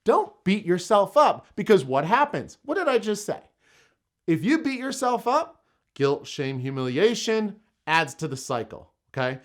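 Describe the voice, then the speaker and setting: A man's voice: high voice, big pitch swings, measured pace. A man giving an emphatic motivational self-help talk, repeating phrases for effect. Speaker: motivational speaker.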